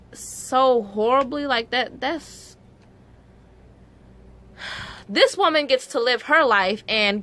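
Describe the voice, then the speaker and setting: A young woman speaks to her viewers at an unhurried pace in a middle-range voice. She tells the story casually, scattering "like" through her sentences, and grows openly emotional and indignant. It sounds like an everyday vlog. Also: mid-range voice, fairly bright tone. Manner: emotional, many "like" fillers, rising indignation. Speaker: vlogger.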